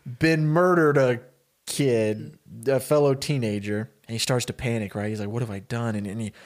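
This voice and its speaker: A man co-hosting a podcast, telling a story in a loose, rambling, animated way with many fillers. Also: medium pitch, normal speed. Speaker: podcast co-host. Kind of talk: casual storytelling pitch.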